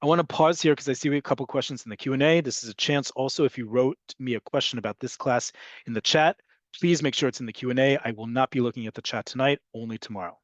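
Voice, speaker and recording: A man's voice: mid-range voice, no echo. Male teacher, online class, patient explainer, dry close sound. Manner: explanatory, answers questions, repeats terms slowly. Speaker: Hebrew teacher.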